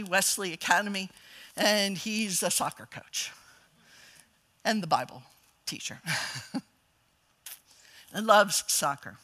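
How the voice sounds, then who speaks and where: Bright-voiced woman preaching with stories. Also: mid-range voice. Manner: warm, humorous storytelling with frequent laughs. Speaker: guest preacher, college president. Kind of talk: storytelling sermon.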